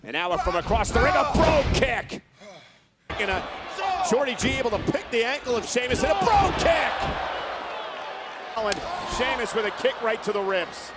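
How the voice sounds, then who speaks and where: A man giving excited play-by-play commentary on a wrestling match, shouting the big moves. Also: extremely high pitch, a little fast. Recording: broadcast audio with loud arena noise.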